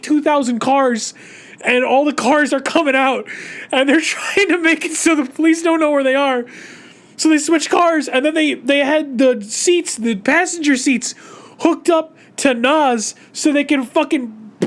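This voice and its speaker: A YouTuber ranting through a casual movie recap, exasperated and profane, rambling with many restarts and swinging between muttering and loud outbursts. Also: sits high, unhurried.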